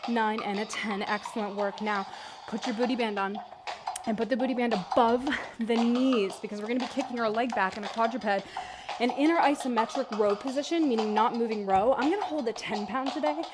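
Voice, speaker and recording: A woman fitness instructor guiding a workout, counting reps and calling breath cues in a steady rhythm. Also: fairly high pitch, a little fast, noisy background. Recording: music playing behind the voice. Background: workout music.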